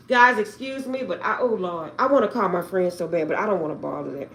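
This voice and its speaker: A woman ranting on a livestream, close to tears and swinging between outbursts and quiet prayers. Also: mid-range voice, sing-song, normal speed, hardly any pauses. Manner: agitated, swings between shouting and tearful prayer. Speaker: livestream host. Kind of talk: emotional livestream rant.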